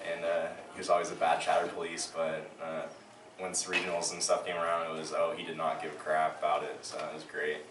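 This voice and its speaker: A teenage boy with a very low voice answering hesitantly and filling his pauses. He is recorded from a distance in an echoey room, with a clear hiss behind him. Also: completely flat delivery. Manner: hesitant, many fillers. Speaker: high school baseball player. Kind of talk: casual interview.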